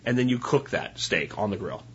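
Male podcast host, husky, mid-pitched, casual how-to talk, muffled lo-fi sound. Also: expressive, normal speed. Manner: chatty, instructional, with frequent "right?" asides.

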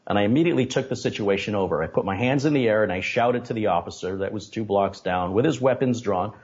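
A man with a low-pitched voice recounts a story as an interview guest. He is animated and indignant. The recording sounds dull and lo-fi. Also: fast talker. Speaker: interview guest, tech streamer. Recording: dull lo-fi audio.

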